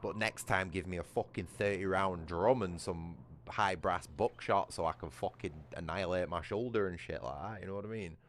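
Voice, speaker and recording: A man's voice: sits low, normal speed, few pauses, a bit bright, slight background noise. A British man chatting casually on a livestream, ranting with heavy swearing. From United Kingdom. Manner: profane, ranting.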